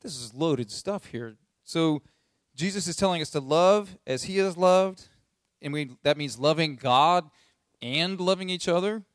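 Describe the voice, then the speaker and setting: A man preaching with a slightly higher voice than most men. He talks like he's chatting with friends, stumbling over restarts and fillers, then leans hard on his key points. The recording is dry and close, with almost no room sound. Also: measured pace, no echo. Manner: conversational, emphatic, with frequent fillers and restarts. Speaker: pastor. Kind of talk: sermon.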